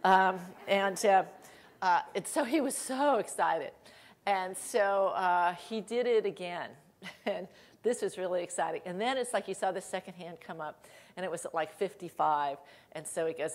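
A middle-aged woman giving a conference keynote, telling lively anecdotes with laughter and acted quotes. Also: on the low side, normal speed. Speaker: keynote speaker. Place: conference hall stage.

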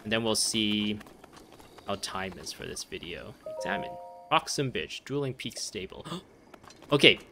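A man's voice: fairly low pitch, expressive, unhurried, sharp tone, faint music behind. A man giving casual let's play commentary, rambling and easily distracted, laughing often as he plays. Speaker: gameplay commentator.

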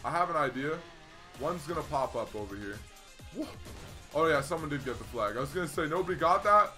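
A man's voice: fairly high pitch, animated, a little fast, bright, forceful tone, faint music behind. A young man hosting a casual gaming livestream, chatting freely, greeting viewers and reading their messages aloud. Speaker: livestream host.

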